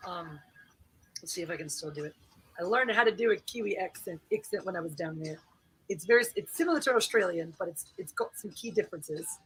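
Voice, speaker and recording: Lady streamer just chatting away to her viewers, sharp bright voice, slips into whispers now and then. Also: fairly low pitch, lively intonation, fairly quick, slightly rough, rough recording. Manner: chatty, greets viewers by name, drops into whispered asides. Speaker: livestream host. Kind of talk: casual livestream chat.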